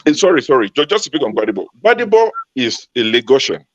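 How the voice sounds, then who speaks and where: A man's voice: mid-range voice, big pitch swings, fast, no echo. A man from Ogun State in Nigeria, a panel guest arguing emphatically in a heated debate and repeating his points for force. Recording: dull lo-fi sound.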